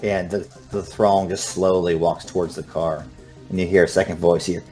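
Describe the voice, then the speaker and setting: A man narrating a tabletop horror game as game master, speaking in a hushed, unhurried way with frequent restarts. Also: low voice, flat delivery, soft background music.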